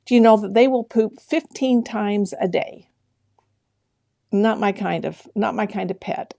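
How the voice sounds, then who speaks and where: A woman's voice: medium pitch, measured pace, gravelly, dark tone. A middle-aged woman hosting a sewing livestream, chatting casually and greeting viewers by name with frequent laughs. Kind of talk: casual live-stream chat with viewers.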